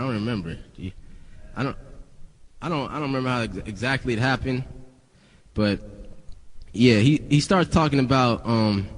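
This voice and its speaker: Young man, rapper, casual storytelling, swears a lot, restarts sentences, medium-pitched voice, reverb. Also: a little hiss or hum. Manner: profane, rambling with many restarts.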